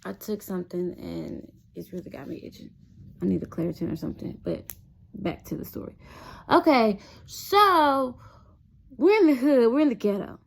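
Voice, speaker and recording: A woman's voice: mid-range voice, normal speed, creaky. A young adult woman telling a personal story in a casual, chatty vlog, often addressing her viewers directly. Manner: chatty, animated, keeps addressing viewers as "y'all".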